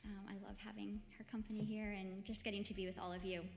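A woman leading a devotional meditation talk in a gentle, reflective, conversational way with soft hesitations. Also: mid-range voice, level tone, fast talker, gravelly. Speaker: meditation host. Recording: echoey hall with long reverb.

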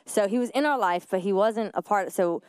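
A woman's voice: medium pitch, a little fast, darkish tone, clean tone, no echo, studio quality. A young woman on a casual podcast, telling a story and laughing, acting out what people said. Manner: laughing storyteller, acts out voices. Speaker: youth ministry worship leader.

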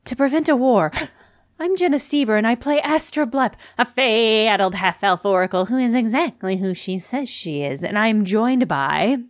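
A bubbly woman hosts a tabletop actual-play chat and giggles often. Her voice is fairly high with lively ups and downs, recorded dry and close. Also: normal speed, dry recording. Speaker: host and player.

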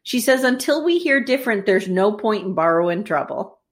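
A woman co-hosting a podcast, casually recapping an episode, animated and profane, often mimicking characters as she retells scenes. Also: medium pitch, normal speed. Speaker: podcast co-host.

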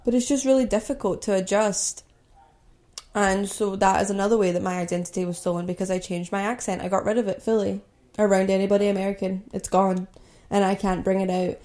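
A woman's voice: mid-range voice, fairly even intonation, fairly quick, warm tone. A young woman from Scotland hosting a podcast, telling a personal story in a candid, conversational way with lots of "like" and "you know". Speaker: podcast host.

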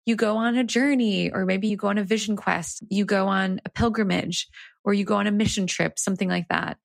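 Earnest woman with a gravelly voice. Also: medium pitch, steady tone, fairly quick, dry recording, studio quality. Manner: reflective, earnest storyteller. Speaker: guest, executive coach and author. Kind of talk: conversational interview storytelling.

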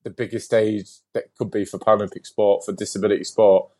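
Chatty man, low voice. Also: brisk. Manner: lively storyteller, heavy use of "like", casual swearing. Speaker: podcast guest. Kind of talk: casual interview chat.

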